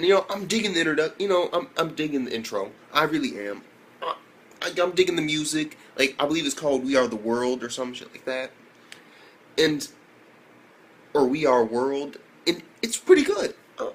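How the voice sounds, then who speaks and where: Excitable young man, lively pitch. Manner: excitable, profane, full of fillers and loud exclamations. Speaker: anime reviewer. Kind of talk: casual video review.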